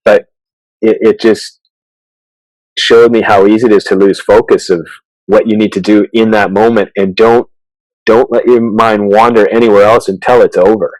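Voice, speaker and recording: A man, a chiropractor, telling stories in a casual interview, halting with many restarts and fillers. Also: fairly low pitch, level tone, darkish tone, no echo, low-quality recording. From Canada. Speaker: chiropractor guest.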